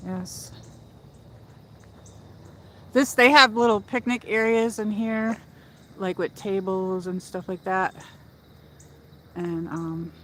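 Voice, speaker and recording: A woman's voice: mid-range voice, a bit bright, a little hiss or hum, rough recording. Breathless woman chatting on a hill walk. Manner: rambling, chatty, talks to viewers while walking. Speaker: livestream host. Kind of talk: casual walking livestream chat. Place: outdoors on a hill in a lakeside park.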